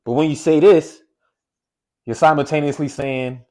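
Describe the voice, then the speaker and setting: A man giving a casual, motivational talk to camera as a weight-loss coach, repeating key phrases and slowing down to stress single words. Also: a little high, fairly even intonation, darkish tone.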